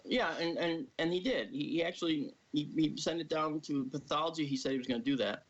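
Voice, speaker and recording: A man telling a long personal story casually on a live stream, animated and acting out the people he quotes. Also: fairly high pitch, fairly quick. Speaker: guest. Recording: dull lo-fi stream audio.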